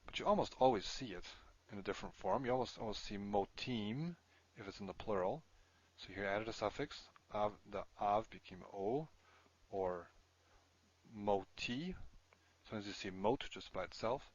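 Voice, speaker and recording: A man's voice: on the low side, expressive, moderate pace, lo-fi sound. A man teaching a recorded language lesson, explaining step by step, thinking aloud and correcting himself as he goes. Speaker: Hebrew teacher.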